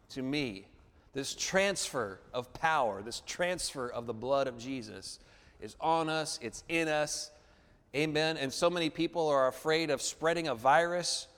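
A male pastor preaching a sermon, drawing the congregation in with "amen?" and call-and-response prompts. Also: a little high. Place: church building. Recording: long reverb of a church hall.

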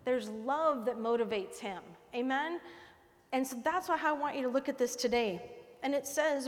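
A woman preaching a sermon in a warm, conversational way, often checking in with her listeners. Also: high-pitched, moderate pace. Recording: long hall reverb.

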